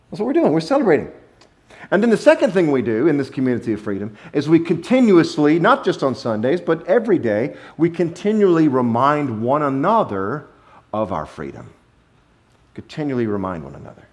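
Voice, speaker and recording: A man delivers a Sunday sermon in a relaxed, talk-it-through way, full of laughs and slowed-down emphasis. His voice sits a bit above the usual for a man and leaps around freely in pitch. He preaches in a church. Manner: conversational and animated, with playful laughs and drawn-out emphasis. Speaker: pastor. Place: church sanctuary.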